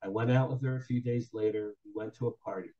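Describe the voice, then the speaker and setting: An older man from New Jersey, a guest author, tells a comic personal story in an animated way, acting out other people's lines. His medium-pitched voice moves at a quick pace on a muffled recording.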